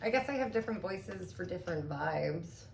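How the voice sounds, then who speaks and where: A woman co-hosting a podcast in casual chat, chatty and quick to chime in with a laugh. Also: fairly low pitch, expressive, creaky, recorded from a distance. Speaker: podcast co-host. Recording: roomy sound with faint background noise.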